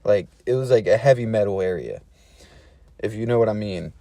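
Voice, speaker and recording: Mellow-voiced man telling a casual story. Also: fairly low pitch, fairly quick, vocal fry, dry recording. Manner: laid-back, slangy, chuckles between phrases.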